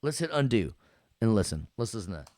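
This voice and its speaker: Playful New York man teaching audio software. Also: fairly low pitch, very animated, quick pace. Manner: playful, jokey, scats and hums along to the music. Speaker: audio workstation instructor. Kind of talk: casual screen-recorded lesson.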